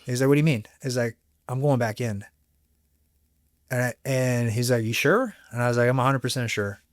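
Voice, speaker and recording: Brief: middle-aged male guest, animated storyteller, curses freely, dry close studio sound. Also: medium pitch, a little fast, no echo. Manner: animated, swears freely, acts out quoted voices. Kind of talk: candid conversational storytelling.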